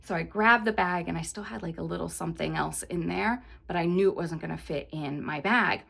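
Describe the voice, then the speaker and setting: Young woman vlogger, kinda low voice with vocal fry, chatty rambly storytime. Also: fairly quick. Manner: animated, rambling retelling with many fillers. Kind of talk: casual storytime monologue.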